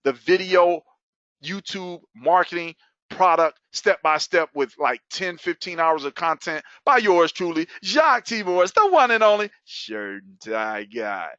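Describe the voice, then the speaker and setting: A man hosting a webinar and giving an excited sales pitch, whooping and laughing between offers. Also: measured pace, smooth, dry recording. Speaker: webinar host. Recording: dull lo-fi dry sound.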